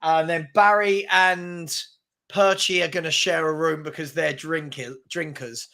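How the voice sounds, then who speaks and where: A chatty English man hosting a casual podcast, his voice fairly high and bright. He keeps things loose and laughs easily between points. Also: steady tone, measured pace. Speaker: podcast host. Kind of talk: casual chat.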